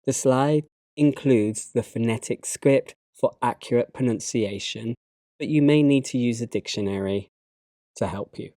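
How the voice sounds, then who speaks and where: A man with a British English accent, narrating a slide lesson and giving learners instructions in a measured, instructive way. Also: medium pitch, warm tone, dry recording, studio quality. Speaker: English teacher.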